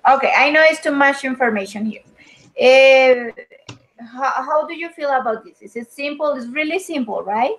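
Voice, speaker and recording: A woman teaching an online English grammar lesson over a video call. She explains patiently and fills pauses with "uh" and "um". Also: sits high, a bit bright, rough recording. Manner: patient, explanatory, with frequent fillers.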